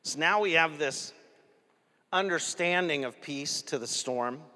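A man preaching with a fairly high voice, animated and chatty, breaking into laughter as he makes his points. The sermon rings through a hall with a long, trailing reverb. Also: unhurried. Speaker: pastor.

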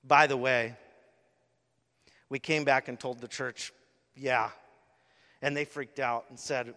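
A man's voice: medium pitch, steady tone, slow pace, long pauses, sharp tone. A middle-aged man preaching a sermon as a pastor, telling a story animatedly with lots of casual fillers. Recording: long hall reverb.

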